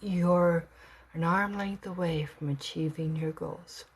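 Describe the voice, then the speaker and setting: A woman doing a live tarot card reading for someone, expressive and swinging between excited bursts and hushed whispers. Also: fairly low pitch, slow pace, breathy edge. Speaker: tarot reader.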